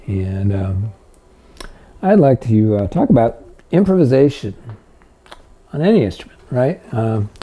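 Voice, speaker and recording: A middle-aged man talks through a casual fiddle lesson with a dark, mellow tone. He rambles in a friendly, humorous way, dropping fillers as he goes. His pitch sits in the middle. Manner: chatty and humorous, with many fillers. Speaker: fiddle teacher. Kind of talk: relaxed video lesson.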